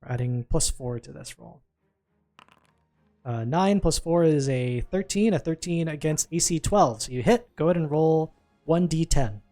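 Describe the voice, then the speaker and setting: A man's voice: on the high side, lively intonation, mellow, faint music behind. A man acting as game master, calling for dice rolls and narrating what happens. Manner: brisk, calls for dice rolls and narrates results.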